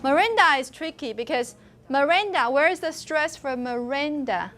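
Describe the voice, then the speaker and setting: A woman's voice: high-pitched, animated, moderate pace, fairly bright tone. A female university lecturer with a Taiwanese accent, giving a classroom lecture and often asking the students questions and laughing.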